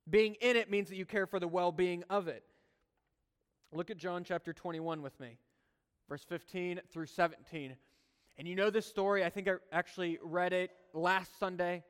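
A man's voice: sits high, a bit bright, clean tone. A male pastor preaching a sermon, earnest and conversational, with humorous personal asides. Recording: long hall reverb.

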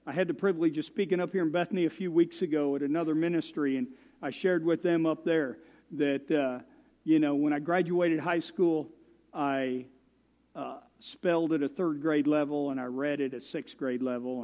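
A man's voice: a little high, in a large hall, dull audio. A man preaching as a guest speaker, folksy and self-deprecating, telling stories. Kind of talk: sermon. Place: church.

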